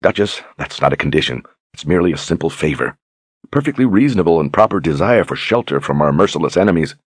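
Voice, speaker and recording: A man's voice: extremely low pitch, big pitch swings, fast talker, husky, no room sound, exaggerated voice. A man voicing a courteous, earnest young lord and war wizard in a plain, direct manner. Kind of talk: audiobook character reading.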